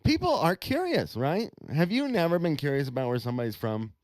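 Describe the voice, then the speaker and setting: A man's voice: on the high side, big pitch swings, brisk, a little mellow, no echo. A man co-hosting a podcast, speaking bluntly and provocatively in casual chat. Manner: blunt, provocative, laughs at own remarks. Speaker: podcast co-host.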